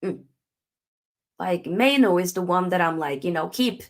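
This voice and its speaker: A woman's voice: on the low side, lively intonation, measured pace. A young woman hosting a live football match reaction, ranting emphatically and answering her own rhetorical questions. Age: young adult. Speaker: football channel host.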